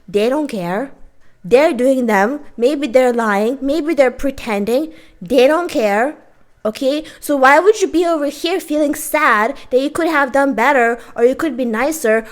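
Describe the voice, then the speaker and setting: Woman vlogger, slightly high voice, emphatic off-the-cuff rant, keeps asking "okay?". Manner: emphatic, repeatedly checking in with "okay?". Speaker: art vlogger. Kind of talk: casual rant to camera.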